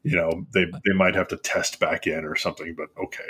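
A man's voice: low-pitched, little pitch movement, fairly quick, bright, forceful tone, slightly rough. A man and parent talking casually, easygoing and thinking aloud. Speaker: parent discussing schooling. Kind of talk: casual conversation.

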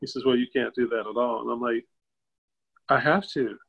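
An older man, a guest on a video call, tells a personal story in a casual way. He acts out the quoted voices with sudden jumps up in pitch and chuckles as he goes. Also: little pitch movement, fast, gravelly, lo-fi sound. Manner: chuckles while telling. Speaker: interview guest.

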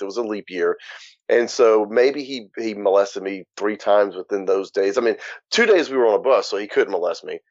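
A man's voice: lowish voice, a little mellow. A man from Louisiana, a podcast guest, recounting his own past in a plain, matter-of-fact way with frequent restarts. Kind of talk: candid personal account. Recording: dull, muffled dry recording.

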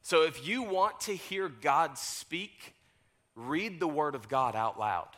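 Young male pastor, bright tone, animated sermon storyteller, preaching in a church. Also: on the high side, slow. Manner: animated storytelling, laughs at own jokes. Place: church sanctuary.

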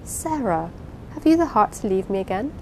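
A woman reading as a gentle, sorrowful old uncle. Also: medium pitch, big pitch swings, moderate pace, slight background noise, natural voice, poor audio. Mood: pleading.

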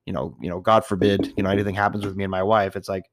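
This storyteller's low, level voice moves very fast, with vocal fry, as he rambles through casual tales of his dating life, restarting, laughing and swearing now and then. It's a studio-quality recording with no room sound.

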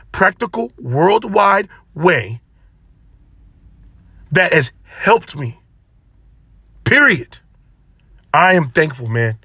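A male podcast host gives a solo motivational talk in a high, bright, husky voice, preaching with passion and repeating phrases for emphasis. The audio is dry and close, with no echo or room sound.

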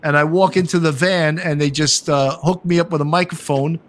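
A man's voice: a little high, fairly even intonation, moderate pace. An older man hosting a casual podcast chat, rambling and repeating words as he starts his sentences. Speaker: podcast host.

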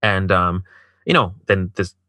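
A man's voice: low voice, lively intonation, a little slow, pushed and bright, no echo. A man telling a personal story in casual chat, swearing a lot, filling his speech with "like", and acting out what others said. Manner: profane, heavy use of filler "like"; acts out quoted dialogue.

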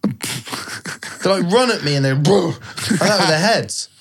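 A man's voice: high voice, animated, slow pace, vocal fry. A playful man tells a silly story with plenty of giggles, and his voice swoops up and down as he talks. There is a faint hiss under the recording. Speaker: podcast co-host. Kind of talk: casual chat, telling a funny story.

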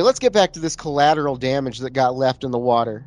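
A man chatting casually on a podcast, relaxed and filler-heavy, reviewing a film. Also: mid-range voice, quick pace, no echo. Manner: relaxed, uses lots of "like". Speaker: podcast co-host. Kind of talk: casual movie review chat.

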